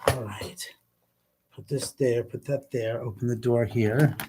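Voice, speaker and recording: A man runs a live ghost-hunting stream in his own house, moving between rooms and up and down the stairs while grumbling, cursing and scolding unseen spirits. He swings from sudden loud outbursts to whispered mutters in an unhurried, mid-range voice with fairly even intonation. Heavy background noise fills this casual live-stream chat.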